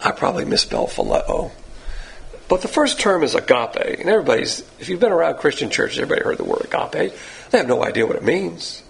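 A man gives a sermon-style Bible lesson with a blunt, lecturing manner. His voice has a gravelly edge and swings widely in pitch. It sits a little higher than most men's. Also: big pitch swings, quick pace, a bit bright, a little hiss or hum. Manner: blunt, lecturing, uses a board. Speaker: Bible teacher.

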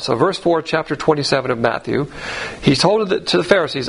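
Male Bible teacher, gravelly voice, slightly high, blunt folksy lecturing, rhetorical questions. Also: animated, fairly quick, low-quality recording. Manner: acts out quoted voices.

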